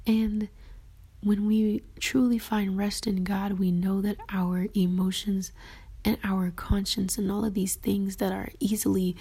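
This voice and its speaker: A woman giving a casual devotional talk about her journaling, earnest and reflective, often dropping into a soft whisper. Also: medium pitch, little pitch movement, measured pace, gravelly, slightly rough. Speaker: faith vlogger sharing her journaling.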